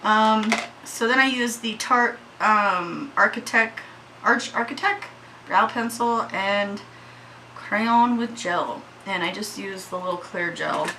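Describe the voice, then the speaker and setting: A woman's voice: mid-range voice, slow pace, a little hiss or hum, rough recording. A woman chatting casually through a makeup tutorial at home, shaky and anxious, swearing freely. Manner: chatty, swears freely, yells at her dogs. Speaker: beauty vlogger.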